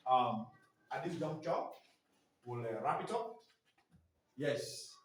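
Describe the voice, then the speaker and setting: A man's voice: mid-range voice, lively intonation, slow, a little hiss or hum. A man teaching staff in a training session, leaving his sentences open for the class to finish. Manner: quizzing listeners with fill-in questions. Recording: echoey room.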